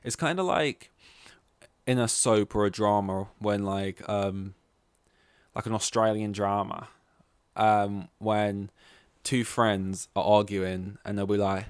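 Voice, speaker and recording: A man's voice: lowish voice, fairly even intonation, slow, smooth, dry recording. A man hosting a solo podcast in casual chat. He rambles, swears freely and loses his train of thought. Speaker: podcast host.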